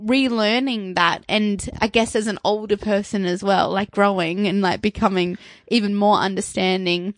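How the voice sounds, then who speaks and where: A woman's voice: mid-range voice, fairly even intonation, normal speed, few pauses, no echo. A woman in her thirties co-hosting a casual podcast chat, rambling with lots of fillers and frequent laughter. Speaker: podcast co-host.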